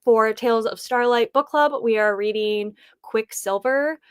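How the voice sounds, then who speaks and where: A woman's voice: a little high, a little slow, clear, resonant tone, no echo. A woman hosting a casual livestream, chatting and rambling as she thinks aloud. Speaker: livestream host.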